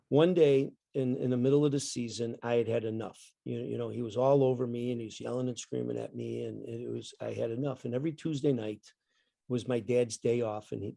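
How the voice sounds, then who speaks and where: A man's voice: mid-range voice, gravelly, mellow, no echo. An older man, a retired coach, telling stories in a rambling casual chat, often repeating words. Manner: rambling, repeats words, acts out his dad in the story. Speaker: guest, retired basketball coach.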